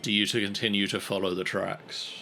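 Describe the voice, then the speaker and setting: A man narrating a tabletop game as game master, unhurried and gently amused. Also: lowish voice, flat delivery, creaky, soft background music, poor audio.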